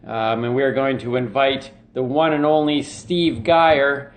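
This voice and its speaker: A man's voice: medium pitch, flat delivery, a little slow. A man hosting a live-stream comedy podcast from his living room, talking in a loose, rambling, self-mocking way with lots of fillers. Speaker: podcast host. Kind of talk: casual live-stream monologue. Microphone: webcam in his living room.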